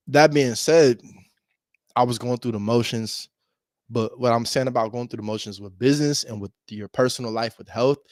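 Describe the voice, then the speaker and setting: A man working as a real estate wholesaler, chatting casually to his viewers between cold calls and talking fast with deliberate pauses. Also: medium pitch, darkish tone, no echo. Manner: fast talker who makes a point of pausing on calls. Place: at home with his dog nearby.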